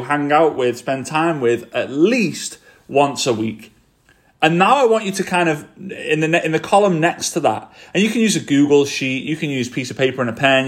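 An energetic man with a Scouse accent hosts his solo podcast, talking right to his listeners. His delivery is motivational and direct, in a mid-range voice. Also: medium pitch. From England. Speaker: podcast host.

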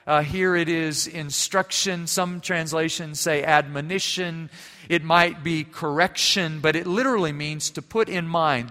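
Bright-voiced male pastor in a reverberant hall. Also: on the high side. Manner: dynamic, swings from loud emphasis to quiet intimacy. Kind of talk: sermon. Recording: long reverb of a large hall.

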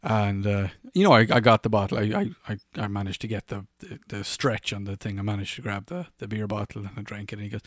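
A man's voice: lowish voice, lively intonation, fairly quick, no room sound, clean studio sound. An Irish man in his forties, a podcast host rambling through funny anecdotes and laughing at his own stories. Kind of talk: casual anecdotal storytelling.

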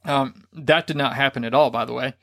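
A man's voice: medium pitch, brisk, creaky. A man co-hosting a podcast, casually telling a racy story with laughs and acted-out quotes. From grew up Catholic. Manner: animated, laughing, acts out quotes. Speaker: podcast co-host.

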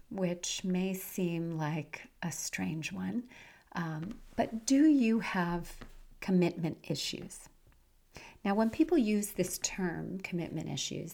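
Give me a hoarse, nasal middle-aged woman talking earnestly on her podcast, a bit low. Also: a little mellow. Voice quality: raspy. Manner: earnest, motivational, with ums. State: hoarse, nasal from a head cold. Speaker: podcast host and life coach. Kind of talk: podcast monologue.

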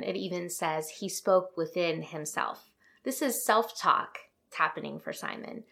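Soft-spoken woman with vocal fry. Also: fairly low pitch. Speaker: podcast host. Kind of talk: devotional podcast teaching.

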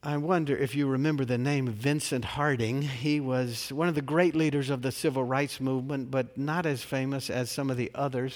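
A male pastor preaching a sermon in a measured, emphatic way, posing rhetorical questions and answering them. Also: medium pitch. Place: large church sanctuary. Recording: long reverb of a large church.

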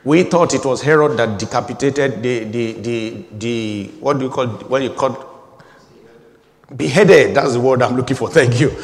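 A man's voice: medium pitch, normal speed, in a large hall. A man in his forties preaching a sermon, emphatic and repetitive, building in intensity. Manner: emphatic, repeating phrases, rising intensity.

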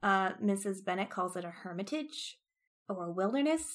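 A woman co-hosting a casual book chat, laughing often and acting out characters in quick quotes. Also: mid-range voice, animated. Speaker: podcast co-host.

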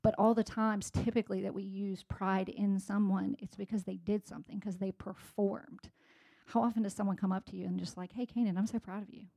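A woman in her forties shares a sermon with her church in an easy, conversational way. Her voice is gravelly with a flat, even pitch, and she often restarts her sentences. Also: a little fast. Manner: conversational, many fillers and restarts. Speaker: speaker at a church gathering. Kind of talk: sermon-style personal talk.

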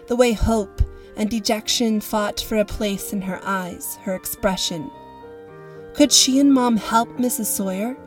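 A woman narrating a story in a calm, even way as the host of a story podcast. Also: a little high.

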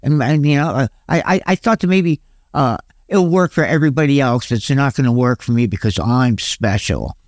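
Speaking as a guest, this middle-aged man shares an honest recovery story, poking fun at himself with a folksy touch, laughing often, and deepening his voice for quoted sayings. Intonation is lively, the pace moderate, the tone darkish, in echo-free studio-quality audio.

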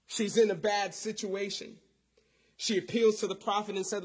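A man preaching a sermon, swinging between intense rises and quiet drops and repeating his key lines. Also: sits high, little pitch movement, moderate pace. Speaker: pastor.

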